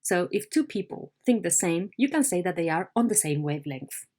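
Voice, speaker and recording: A woman's voice: on the low side, very animated, brisk, mellow. A woman English teacher in a recorded online lesson, explaining words patiently and checking in with her students.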